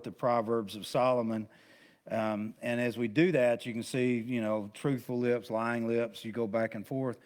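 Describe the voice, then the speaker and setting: A man pastor teaching an informal Bible study in a folksy, rambling, conversational way. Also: medium pitch. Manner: rambling, conversational, with many restarts and asides; folksy, plain-spoken.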